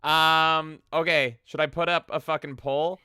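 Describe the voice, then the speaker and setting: A man's voice: fairly high pitch, level tone, unhurried, sharp tone, clear, resonant tone, dry recording, studio quality. A man co-hosting a casual gaming podcast, joking crudely and reading chat messages aloud. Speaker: podcast co-host.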